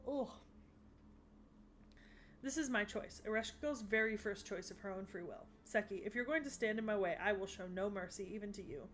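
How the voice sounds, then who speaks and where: A woman voicing a haughty goddess who rules the underworld, grandiose and commanding but quickly flustered, in an English anime dub. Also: fairly bright tone, a little hiss or hum, lightly acted. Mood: resolute. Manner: grandiose and imperious, then flustered and shrill. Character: haughty goddess queen of the underworld, proud yet easily flustered.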